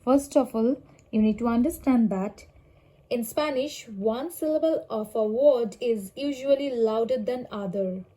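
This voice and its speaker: A woman Spanish teacher giving a slow, measured lesson, pronouncing example words carefully and clearly. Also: on the high side, warm tone. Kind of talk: slow explanatory language lesson.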